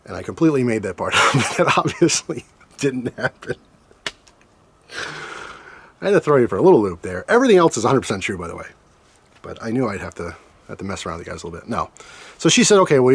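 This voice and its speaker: A man's voice: fairly low pitch, very animated, fairly quick, long pauses, husky. A man casually telling a personal story to his viewers, joking and acting out his own reactions. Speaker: storytime vlogger.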